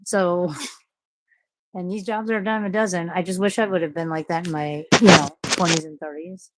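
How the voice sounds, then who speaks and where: Low-voiced woman, frank and profane. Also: steady tone, moderate pace, very noisy. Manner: frank, profane, rambling storytelling. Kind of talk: casual monologue.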